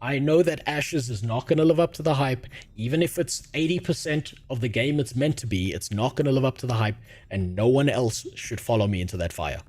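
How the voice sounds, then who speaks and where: Faint music plays behind a South African-accented man whose mid-range voice has a darkish tone and lively intonation. He talks briskly with few pauses, reading and responding to his stream chat casually, often laughing and being crude and sarcastic.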